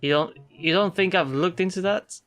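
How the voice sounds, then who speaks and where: Woman doing a gruff, paranoid office guy. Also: fairly low pitch, normal speed, soft background music, natural voice. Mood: boastful. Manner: gruff, boastful, deadpan. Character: stubborn, paranoid male office worker in a cubicle fort. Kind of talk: voicing game dialogue in a let's play.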